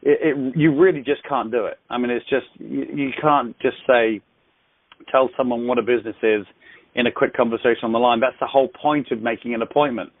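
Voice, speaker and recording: A man's voice: mid-range voice, fairly even intonation, fairly quick, dry recording. A man leading a sales accountability call on a headset, coaching with effusive praise and frequent restarts. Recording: tinny phone line, dry.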